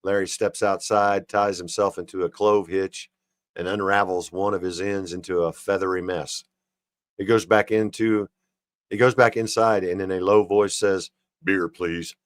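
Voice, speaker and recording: A man's voice: low voice, level tone, moderate pace, no echo, clean studio sound. A man hosting a livestream, reading jokes aloud and chuckling and commenting on each one. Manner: reads jokes then chuckles and comments on them. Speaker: livestream host.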